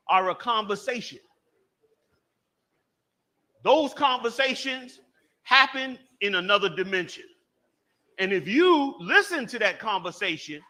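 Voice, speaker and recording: A man leads a religious class, his voice sitting high and swinging widely. He presses points by repeating phrases, then throws questions out to the listeners and calls on them. The tone is bright and cutting. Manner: emphatic, repeats key phrases. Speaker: religious teacher. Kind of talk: teaching a class.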